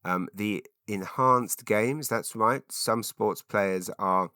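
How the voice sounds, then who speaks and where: Middle-aged male podcast host, deep voice, bright forward tone, dry close sound, chatty and rambling. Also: slow pace, dry recording. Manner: chatty, rambling, many ums and restarts. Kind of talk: solo rambling monologue.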